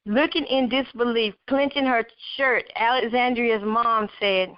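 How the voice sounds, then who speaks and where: Woman reading a story, earnest, fairly high voice, dry close sound, dull lo-fi. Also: measured pace, hardly any pauses, dry recording. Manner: earnest reading with occasional slips and asides. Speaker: storyteller reading her own writing.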